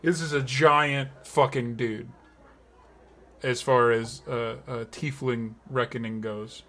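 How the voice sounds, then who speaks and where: A man's voice: mid-range voice, fairly even intonation, slow, fairly bright tone. A man narrating a tabletop game as game master, rambling and full of fillers and laughter.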